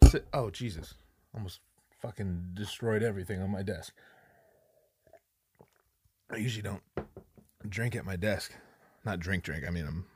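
A man telling a comedic story at his desk, profane and animated, acting out the people in it. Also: fairly low pitch, dry recording, clean studio sound. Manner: animated, profane, acts out voices.

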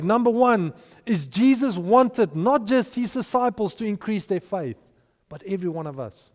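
High-voiced preaching man in a reverberant hall. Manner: emphatic, rising to shouts for quoted voices. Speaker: pastor. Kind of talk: sermon.

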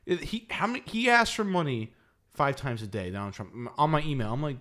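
A man's voice: fairly high pitch, lively intonation, fairly quick, sharp tone. A man co-hosts a podcast in loose, casual chat. He rambles, swears freely and restarts his sentences often. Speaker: podcast co-host.

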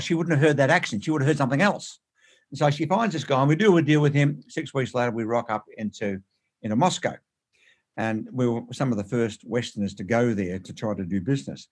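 Male guest storyteller, rapid and emphatic, mid pitch, keeps repeating and restarting words. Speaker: interview guest. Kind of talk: animated anecdotal storytelling.

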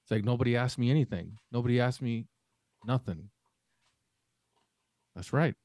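A mid-range, slightly mellow male voice comes through at a moderate pace in echo-free, studio-quality sound. This podcast co-host, from a Mexican family, rambles through a lengthy story in relaxed chat, voicing the dialogue as he goes.

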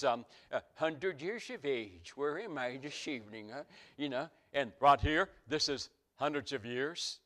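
A man's voice: mid-range voice, fairly bright tone. A middle-aged man, preaching a sermon with folksy stories that climb to emphatic peaks.

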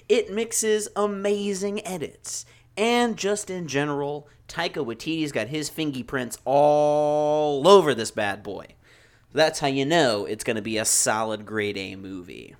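A man's voice: medium pitch, lively intonation, measured pace, smooth. A man co-hosting a casual film podcast as the comic relief, making jokey, emphatic rants.

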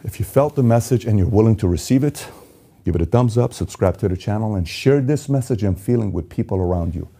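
A man from Iran giving an intense motivational monologue, swinging between loud urgency and quiet emotion. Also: on the low side, expressive, a little fast, husky. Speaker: motivational speaker.

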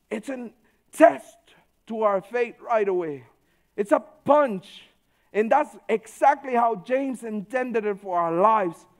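A man giving a conversational sermon, informal and full of "you know", swinging between loud stretches and hushed ones. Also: very high-pitched, lively intonation, slow pace. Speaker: preacher.

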